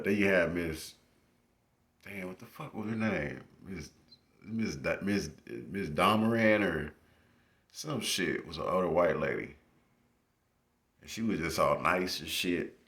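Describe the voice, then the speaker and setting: Deep-voiced man telling stories, swearing freely. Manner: profane, laughing, animated retelling. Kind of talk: casual storytelling. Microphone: phone.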